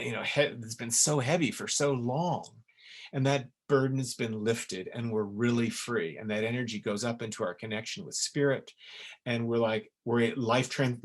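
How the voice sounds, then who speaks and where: Man, middle-aged, webinar talk, earnest, emphatic, repeats words for stress, mid-pitched voice. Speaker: essence maker giving a webinar.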